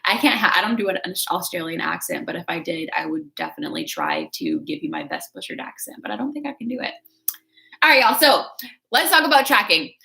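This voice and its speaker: A woman's voice: fairly low pitch, huge pitch swings, a little fast, gravelly, sharp tone. A woman giving casual motivational talk on a livestream, chatty and coaching, reading out viewer comments. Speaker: fitness creator.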